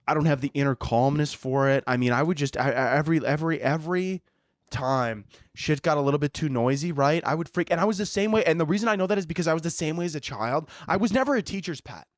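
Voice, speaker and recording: A man with a somewhat high voice delivers an animated, rambling comic monologue as a podcast host. He swears freely and laughs along at his own jokes. The sound is dry and close. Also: dry recording. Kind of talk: comedic monologue.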